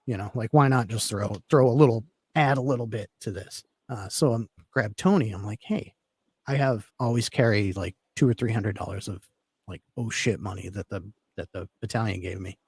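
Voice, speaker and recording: Man, casual rambling storyteller, slightly low voice, husky, lots of fillers. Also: moderate pace, darkish tone, no room sound. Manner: rambling, filler-heavy, laid-back. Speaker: podcast guest telling a story.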